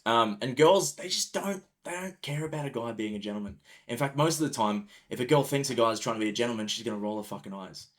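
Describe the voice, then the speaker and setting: A man's voice: mid-range voice, animated, quick pace, hardly any pauses. Frank, emphatic male dating coach. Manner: frank and emphatic, swears casually. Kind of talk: casual coaching talk.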